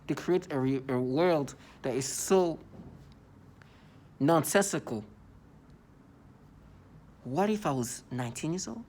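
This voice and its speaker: A man's voice: fairly high pitch, animated, slow, long pauses, a little mellow, slight background noise. A man in his thirties talks straight to his audience in an agitated solo vlog. He circles back over the same phrases and trips into stammered restarts as he pushes his point. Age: 30s. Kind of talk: monologue vlog rant.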